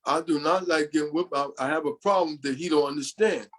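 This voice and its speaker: An older New York man, appearing as a podcast guest, tells long, rambling stories about his family in an interview, often quoting what others said. His voice is a little high and fairly bright, and his pace is brisk.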